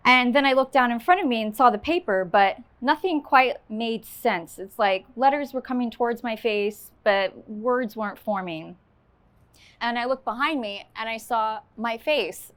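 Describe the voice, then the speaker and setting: A woman's voice: fairly high pitch, moderate pace, a bit bright. A woman speaking on stage to a live audience, telling a personal story with candid, self-deprecating humor and then answering questions.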